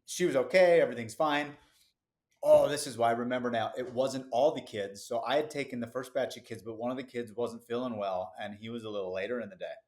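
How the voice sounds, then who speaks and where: A middle-aged business founder, a man, telling a lively story as a podcast guest, with quick asides and easy laughs. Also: mid-range voice. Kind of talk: casual interview storytelling.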